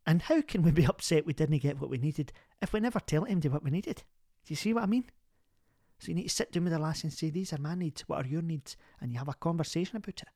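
A man's voice: a little high, animated, quick pace, a little mellow, no echo, studio quality. A man voicing a chatty middle-aged Scottish woman who hosts a comic advice podcast, rambling and homely with frequent laughs.

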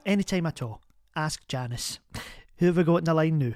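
A man's voice: fairly high pitch, expressive, fairly quick, over loud music, close to an everyday voice. A man playing a chatty female radio agony aunt who rambles in a homely, reassuring way. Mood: upbeat. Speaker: advice show host. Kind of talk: comic radio phone-in sketch.

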